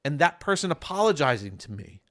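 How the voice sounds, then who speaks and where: A man with a New York accent, co-hosting a casual podcast chat and telling a story with lively, acted-out quotes. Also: fairly high pitch, brisk, no echo, studio quality. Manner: animated storyteller, acts out quoted lines loudly. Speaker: podcast co-host. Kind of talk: casual chat over beers.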